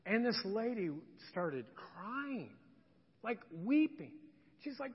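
High-voiced man joking through a sermon. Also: sing-song, slow, husky. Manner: joking, chatty, upbeat. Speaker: pastor. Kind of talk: conversational sermon. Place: church sanctuary. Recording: lo-fi with long hall reverb.

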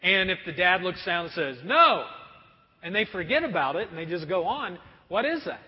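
A pastor preaching a sermon to a congregation, lively and often acting out everyday scenes in quick put-on voices. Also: male voice, high-pitched. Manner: animated, acts out kids and parents in quick voices. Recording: muffled sound with long hall reverb.

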